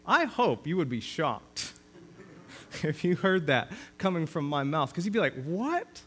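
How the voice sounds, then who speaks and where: A man's voice: on the high side, expressive, measured pace, fairly bright tone. A man preaching a sermon as pastor of a church, earnest and rising to emphasis when he quotes scripture.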